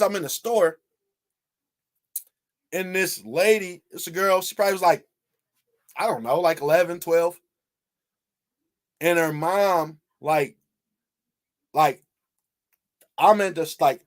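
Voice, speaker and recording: A man from Michigan with a voice on the high side delivers animated, casual reaction commentary as a video commentator. He fires off rhetorical questions again and again and swears freely.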